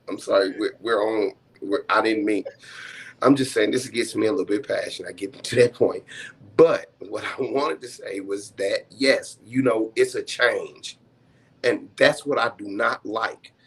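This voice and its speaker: A man with a breathy, mid-range voice joins a heated, casual talk show panel discussion. He speaks with passion, curses often, and apologizes after his outbursts.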